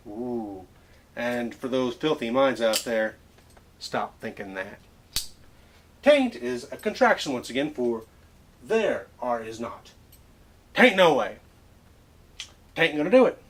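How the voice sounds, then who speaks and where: A man hosting a comedic mock lesson, playing a professor in a theatrical, lecturing way. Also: medium pitch.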